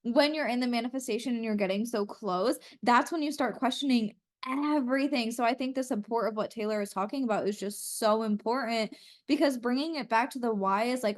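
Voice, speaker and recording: A woman's voice: a little high, brisk. A young woman co-hosting a podcast in person, talking candidly and earnestly, with lots of "like" and casual swearing. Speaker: podcast co-host. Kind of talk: casual chat. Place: in person with co-host.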